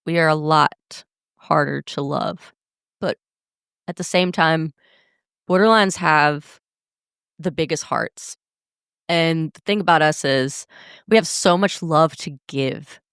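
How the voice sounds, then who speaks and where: A woman's voice: low-pitched, slow pace, long pauses, fairly bright tone, clear, resonant tone, no echo. Podcast host, young woman, candid and profane, close and dry sound. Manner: candid, blunt, swears freely. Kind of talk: casual podcast monologue.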